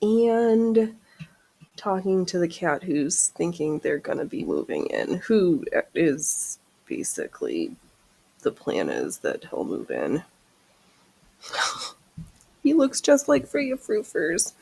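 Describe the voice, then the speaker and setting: A woman's voice: huge pitch swings, takes it slowly, vocal fry, pauses often, warm tone, breathy edge, rough recording. A woman hosting a casual sewing stream, chatting and joking about herself as she stitches. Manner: chatty, self-mocking, talks to her cat in a high baby voice. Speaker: channel host. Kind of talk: casual sewing livestream chat.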